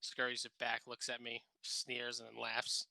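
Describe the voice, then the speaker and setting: A man's voice: medium pitch, monotone, moderate pace, gravelly, sharp tone, dry recording. A man co-hosting a podcast in casual chat, telling profane, joking stories and acting out the people in them. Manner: profane, joking storyteller who acts out quotes. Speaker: podcast co-host.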